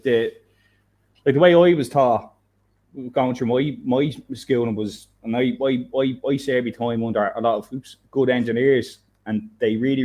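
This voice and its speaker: A man with a middle-pitched, ordinary voice chats in a casual conversation. He thinks out loud as he goes, circling back and restarting his sentences, with plenty of fillers along the way. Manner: rambling, many restarts and fillers, thinks aloud. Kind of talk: casual chat.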